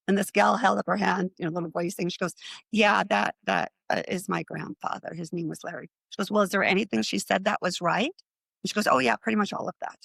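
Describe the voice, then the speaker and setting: A middle-aged woman tells her story as a podcast guest, slipping into other people's voices as she quotes them. Her voice carries a gravelly fry, and it sounds close and dry with no room around it. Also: mid-range voice, dry recording. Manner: animated anecdote-telling with acted-out quotes. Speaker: guest, psychic medium.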